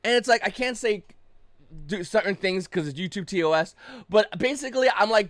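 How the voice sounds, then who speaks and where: A man's voice: high voice, lively intonation, quick pace, fairly bright tone, dry recording. A young adult man giving casual market commentary on camera, blunt and profane, flaring up into agitated rants. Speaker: YouTube card game market commentator.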